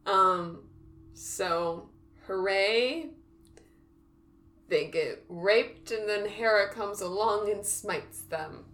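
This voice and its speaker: A woman's voice: medium pitch, very slow, long pauses, a bit bright. A woman in casual chat, laughing often and restarting her sentences as she talks. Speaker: podcast co-host.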